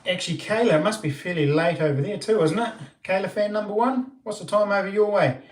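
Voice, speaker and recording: A man's voice: sits high, fast talker. Rambling New Zealand man, roomy echo. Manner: rambling, many ums and restarts. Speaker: live-stream host. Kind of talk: casual live-stream chat.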